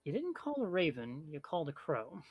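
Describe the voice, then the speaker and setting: A man's voice: fairly high pitch, wildly swooping pitch, a little fast, breathy edge, dry recording, lo-fi sound, faint music behind. A man from the Midwest, running a tabletop game as game master, teasing his players, swearing freely and laughing often.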